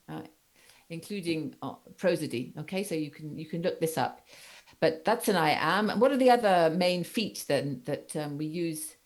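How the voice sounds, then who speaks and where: A woman with a low voice leads a class, pausing often on fillers and restarts. She keeps checking in with the students as she explains. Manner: halting, many fillers, checks understanding. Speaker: teacher. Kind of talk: university seminar lecture.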